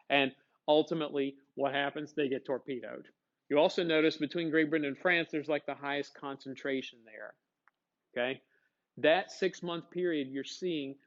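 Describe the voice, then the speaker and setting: Man, history teacher, conversational, rhetorical questions, muffled recording. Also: medium pitch. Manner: conversational, asks the class questions and answers them. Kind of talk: classroom lecture.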